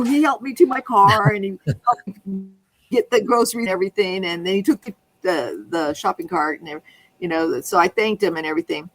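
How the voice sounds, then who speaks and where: A woman's voice: medium pitch, brisk, low-quality recording. A woman in casual conversation, telling a rambling anecdote that keeps restarting and circling back.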